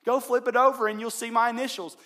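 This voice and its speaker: A man's voice: level tone, fast talker, sharp tone. A man voicing a small boy who pleads insistently for his lost toy boat, told inside a sermon story. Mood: pleading, excited. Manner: high, urgent, insistent pleading.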